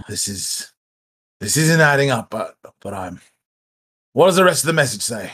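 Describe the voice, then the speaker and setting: A man voicing a gruff, suspicious grown man in a tabletop game, with a low, brooding manner full of questions. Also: very animated, measured pace, fairly bright tone, heavily acted.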